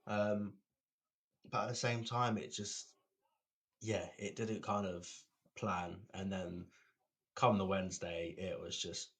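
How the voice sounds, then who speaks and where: Low-voiced man, chatty co-host who stumbles and repeats himself. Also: level tone, takes it slowly. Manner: rambling, repeats words, laughs often. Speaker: podcast co-host. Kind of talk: casual chat.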